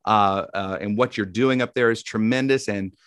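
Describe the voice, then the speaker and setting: A man's voice: on the low side, moderate pace, fairly bright tone, smooth, dry recording. A man from Tennessee with a Southern accent hosting a faith interview, encouraging and dropping in amens with a preacher's cadence. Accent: Southern American. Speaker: host.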